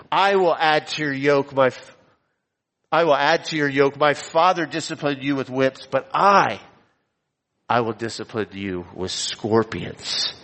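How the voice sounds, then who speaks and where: Male preacher, a bit high-pitched, emphatic and repetitive, recorded with a long hall echo. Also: fairly bright tone. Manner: emphatic, repeats key phrases, slows down for stress. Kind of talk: expository sermon with scripture reading. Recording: long reverb of a large hall.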